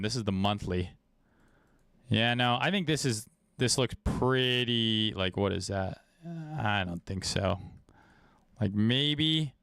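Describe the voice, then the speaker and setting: A man's voice: on the low side, a bit bright, smooth, dry recording, clean studio sound. A man giving casual, profane, laid-back commentary on trading charts during a livestream, with many fillers. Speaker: trading streamer.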